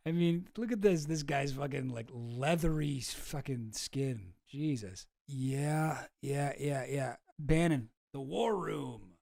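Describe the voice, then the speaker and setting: A man's voice: a little high, a little mellow, no room sound, studio quality. A man hosting a casual commentary, reading messages aloud with sarcasm, laughter and swearing. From outside the US. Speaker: commentary host.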